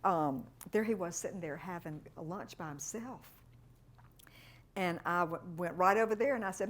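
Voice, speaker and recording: A middle-aged woman, a fundraising consultant giving a workshop talk and telling animated stories with quoted voices. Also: on the low side, normal speed.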